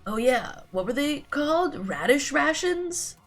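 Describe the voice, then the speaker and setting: A woman streaming a video game, giving wry, sarcastic commentary with casual swearing and a low-energy delivery. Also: sing-song, unhurried, faint music behind.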